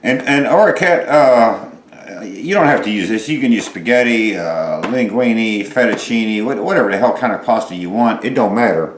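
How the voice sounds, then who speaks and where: A middle-aged man hosting a home cooking vlog, chatting in a rambling, folksy way, swearing freely and filling pauses with lots of uhs. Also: lowish voice, lively intonation, slight background noise. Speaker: home cooking show host. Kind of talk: casual cooking vlog chat. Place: home kitchen. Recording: roomy echoey kitchen sound.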